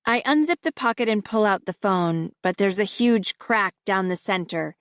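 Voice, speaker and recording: A woman narrating a novel in the first person, in a measured, steady storytelling manner on a close mic. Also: medium pitch, no echo. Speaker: audiobook narrator. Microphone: close studio mic.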